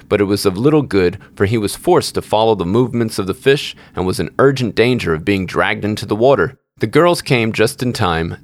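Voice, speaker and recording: A man reading a fairy tale aloud as the show's storyteller, steady and measured. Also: on the low side, dry recording.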